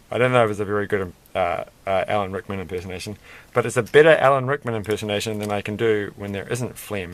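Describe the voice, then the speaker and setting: A man's voice: on the low side, a bit bright. A man chatting casually and rambling with amused asides while building a Lego set.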